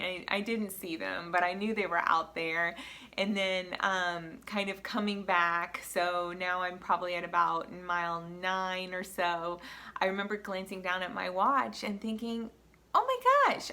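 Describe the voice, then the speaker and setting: Bright-voiced woman telling a heartfelt story. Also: on the low side. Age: adult with a school-age daughter. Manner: earnest, emotional storytelling with many fillers. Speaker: vlogger. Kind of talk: casual personal vlog recap.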